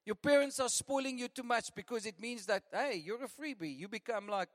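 Male pastor, high voice, lively sermon delivery with frequent laughs, recorded in a reverberant church hall. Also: brisk, few pauses. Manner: lively preaching, laughing often, repeating lists.

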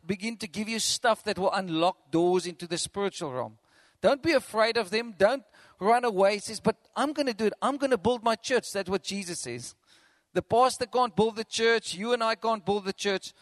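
A man preaching a sermon as pastor, animated, acting out quotes and chuckling between points. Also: high-pitched, no room sound.

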